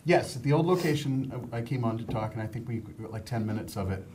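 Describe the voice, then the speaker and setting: A man talking as a producer and director, a guest on a studio talk show, joking and pausing often to restart his sentences. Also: mid-range voice, lively intonation, crowd noise. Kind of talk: casual chat.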